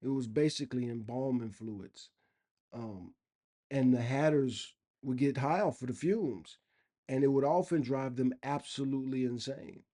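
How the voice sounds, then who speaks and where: A man vlogs in a rambling, opinionated monologue, loose and conversational. His voice is mid-range and warm, and he speaks unhurriedly.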